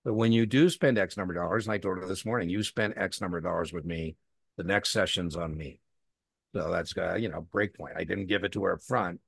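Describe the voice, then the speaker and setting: A man's voice: low-pitched, a little fast, creaky, breathy edge, no echo, studio quality. A man teaching an exam prep class in a conversational way, telling anecdotes and acting out the dialogue in them. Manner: animated storytelling, acts out dialogue; repeats key points for emphasis.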